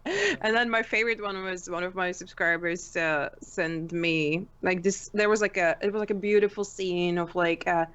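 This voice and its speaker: A woman's voice: on the low side, normal speed, hardly any pauses, fairly bright tone, smooth, dull audio. A woman guest on a casual podcast, telling candid stories with frequent giggles.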